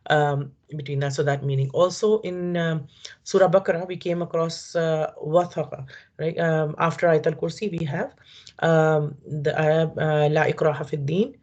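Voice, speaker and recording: Patient scripture teacher at a middling pitch who unpacks each term with frequent fillers; slightly dull recording. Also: fairly even intonation, a little mellow. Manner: explains slowly, repeats terms, many fillers and checks with "right?". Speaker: Quran teacher. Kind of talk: word-by-word scripture lesson.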